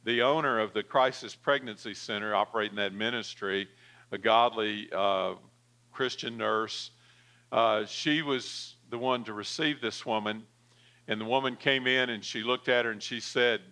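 A man's voice: fairly low pitch, fairly even intonation, moderate pace, sharp tone. A male pastor delivering a sermon, telling a story with frequent fillers and calling for an amen.

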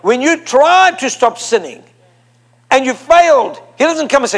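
A man's voice: extremely high pitch, sing-song, moderate pace. A man preaching a sermon to a congregation, emphatic and repetitive, leading them in call and response. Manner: emphatic, repeats phrases for effect. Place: church before a congregation.

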